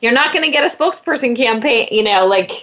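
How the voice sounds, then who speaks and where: A woman's voice: fairly high pitch, lively intonation, quick pace, fairly bright tone. A woman hosting an interview, asking questions in a chatty, enthusiastic way. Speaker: interviewer, host. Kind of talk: casual interview. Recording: dull lo-fi sound.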